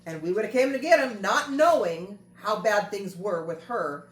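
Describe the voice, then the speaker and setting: A woman's voice: mid-range voice, expressive, moderate pace. A woman host telling a family story in a casual chat, earnest and repeating phrases for emphasis. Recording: roomy echo with faint music.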